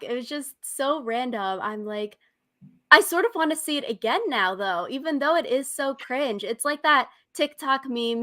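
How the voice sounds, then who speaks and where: A woman's voice: sits high, animated, unhurried, bright, forceful tone. A young woman co-hosting a casual recap podcast, chatty and laughing often. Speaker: podcast co-host.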